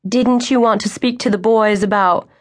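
A woman voicing a protective middle-aged mother with a sharp, scolding manner in an audiobook. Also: mid-range voice, steady tone, moderate pace, voice pushed up, lightly acted.

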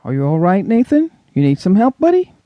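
A man's voice: sits high, wildly swooping pitch, a little fast, dry recording, lo-fi sound, voice pushed up. A man voicing a patient young father, kind and reassuring. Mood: caring. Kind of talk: audiobook character voice.

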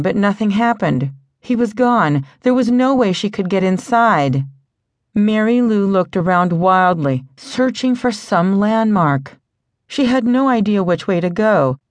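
A woman's voice: mid-range voice, no echo, clean studio sound. Woman narrating a dramatic audiobook. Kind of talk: scripted narration.

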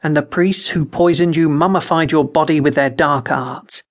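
A man's voice: fairly high pitch, fairly even intonation, normal speed, lightly acted. Man playing an urgent, commanding sorcerer. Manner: urgent, proclaiming. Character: fervent male conspirator sorcerer, commanding. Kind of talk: audiobook character reading.

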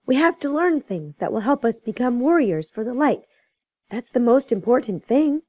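Brief: woman playing a gentle seven-year-old boy, calm and earnest, dry booth. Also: on the high side, moderate pace, slightly rough, no room sound, highs cut off, pitched above the performer's own voice. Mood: soothing. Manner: soothing, earnest.

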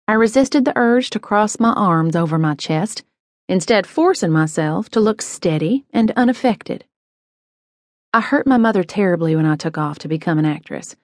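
A woman narrating a first-person audiobook story in a measured, inward way. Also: mid-range voice, animated, no echo, clean studio sound.

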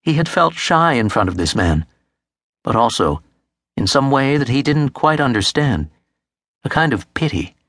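A man reading a literary novel aloud as an audiobook narrator, in a measured, steady manner on a close studio mic. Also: mid-range voice, dry recording.

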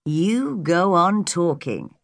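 A shy, kindly old farmer, as a woman reader puts him on, fumbling gently for his words. His voice is low and slow but rises and falls with feeling. The audiobook recording is dry and close. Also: very animated, vocal fry, dry recording, full character voice. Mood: gentle, hesitant. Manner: hesitant and gentle.

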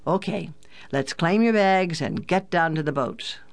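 Narrator reading a calm, joking father. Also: medium pitch, unhurried, creaky. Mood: fatherly. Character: kind, teasing father, capable sailor. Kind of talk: audiobook character voice.

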